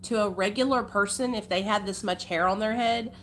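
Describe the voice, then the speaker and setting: A woman's voice: mid-range voice, a little fast, a bit bright, slight background noise. A young woman with an Arkansas country accent, chatting casually with viewers on a livestream, folksy and talkative. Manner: chatty, folksy, calls viewers honey and y'all. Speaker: livestream host.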